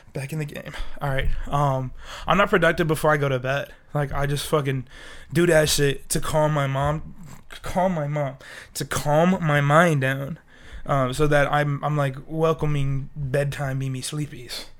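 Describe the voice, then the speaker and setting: A man's voice: on the high side, little pitch movement, normal speed, fairly bright tone. A sick young man co-hosting a podcast, rambling in casual, profane chat and laughing often. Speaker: podcast co-host.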